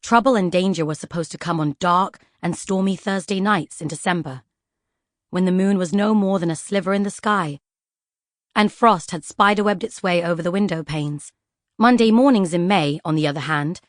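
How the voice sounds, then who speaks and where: A woman narrating a children's fantasy audiobook in an expressive storytelling style. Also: lowish voice, normal speed, no room sound, clean studio sound. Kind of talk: scripted children's book narration.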